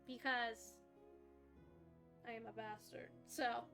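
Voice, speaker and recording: A woman's voice: high-pitched, lively intonation, drawn-out words, gravelly, fairly bright tone, faint music behind. A woman streamer chatting casually on a live stream, rambling, laughing often and cutting herself off mid-sentence.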